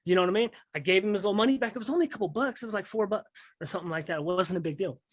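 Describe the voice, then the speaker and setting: A guest fires off a rambling account of prison life in rapid-fire street slang, constantly checking in with "you know what I mean." His voice is high-pitched, and there's no room sound.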